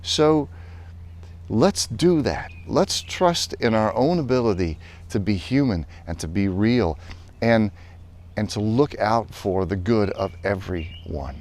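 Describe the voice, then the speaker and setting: A male pastor telling a personal story in a lively way, then turning earnest and reflective as he draws a lesson. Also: fairly low pitch, takes it slowly. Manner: animated storytelling, later calm and earnest. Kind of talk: storytelling devotional talk.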